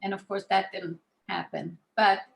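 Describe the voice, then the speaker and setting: Woman born in Israel, guest speaker, relaxed anecdotal storytelling, roomy echo. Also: mid-range voice, unhurried, gravelly. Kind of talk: personal storytelling talk.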